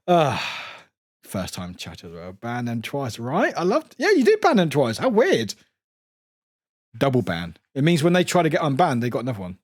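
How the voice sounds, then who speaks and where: A man streaming a game from home, his voice swinging widely in pitch as he gets excited. He swears freely and keeps chatting back to viewers between moves. The sound is dry and close, with no room echo. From United Kingdom. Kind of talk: casual live game-stream chat.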